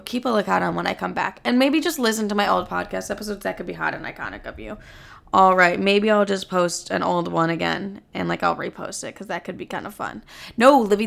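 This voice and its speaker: A woman's voice: mid-range voice, fairly bright tone. A young woman in her twenties hosting a casual solo podcast, candid and self-deprecating, swearing freely. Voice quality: gravelly vocal fry. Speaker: podcast host. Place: New York City.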